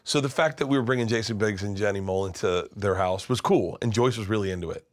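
Low-voiced man rambling through a story. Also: fast. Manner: rambling, animated, many restarts, acts out voices. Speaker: guest storyteller. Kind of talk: casual storytelling.

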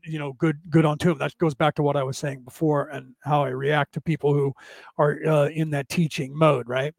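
A man with a fairly high voice, recorded dry, hosts a podcast and explains a text casually. He rambles, corrects himself, restarts often, and keeps adding "right?" to check in.

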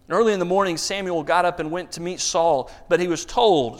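Animated high-voiced male preacher. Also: a little fast. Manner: animated storyteller, rises loud and high for emphasis, repeats words. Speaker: pastor. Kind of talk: sermon.

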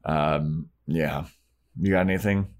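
A man co-hosting a laid-back podcast, talking in a low voice as he recaps a TV episode. He is loose and jokey, swears now and then, and slips into silly character voices. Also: steady tone, takes it slowly. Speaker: podcast co-host. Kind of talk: casual chat recapping a TV episode.

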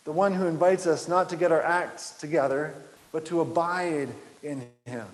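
A man preaching a sermon as pastor, earnest and rhythmic, letting his phrase ends fall soft and quiet. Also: a little high, steady tone, moderate pace. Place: church sanctuary. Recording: echoey sanctuary with long reverb.

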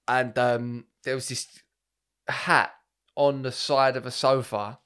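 A man's voice: medium pitch, level tone, slow pace, fairly bright tone, clean tone. A man co-hosting a podcast, chatting casually, joking, swearing and laughing often. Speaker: podcast co-host. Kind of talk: casual chat.

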